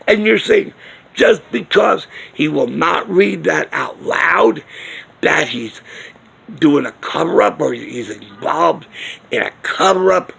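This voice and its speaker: Indignant male vlogger, slow husky gravelly delivery, rhetorical rant. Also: a little high, expressive, a bit bright. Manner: indignant, ranting with rhetorical questions. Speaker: video blogger. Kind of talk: casual opinion vlog. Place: outdoors near a smoking area.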